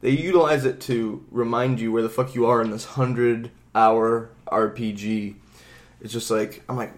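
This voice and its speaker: A man's voice: mid-range voice, fairly even intonation, normal speed. A man co-hosting a podcast, rambling casually about a video game, swearing freely and acting out bits of dialogue. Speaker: podcast co-host.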